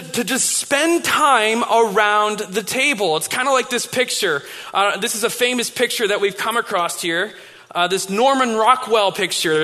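A man's voice: high voice, pushed and bright. A man in his thirties, a pastor giving a sermon, telling stories in a conversational way with many restarts. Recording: long reverb of a large hall.

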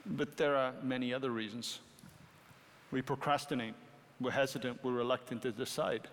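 A middle-aged British man preaching a sermon as pastor, animated and rising to emphatic peaks. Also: mid-range voice, normal speed, a little hiss or hum. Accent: British English. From Britain. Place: church sanctuary. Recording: long hall reverb.

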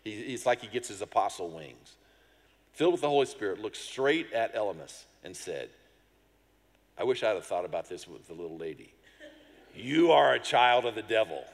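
Animated male preacher in a reverberant hall. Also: lowish voice, fairly quick. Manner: animated storyteller, acts out voices and sounds, self-deprecating humor. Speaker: pastor. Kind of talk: sermon with a personal story.

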